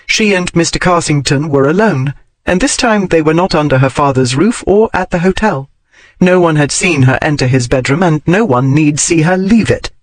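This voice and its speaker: Brief: man with a slightly raised pitch, steady scripted narration, dry studio sound. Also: no room sound. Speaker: audiobook narrator.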